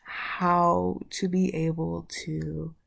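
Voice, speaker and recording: A woman's voice: fairly low pitch, level tone, very slow, creaky. A woman vlogger giving a casual spiritual talk, loose and searching as she thinks aloud.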